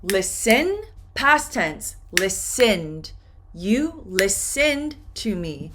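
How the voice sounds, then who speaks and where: Slow, lively woman teaching pronunciation. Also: medium pitch, noisy background. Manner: repeats words slowly and clearly for learners. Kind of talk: slow, deliberate pronunciation lesson.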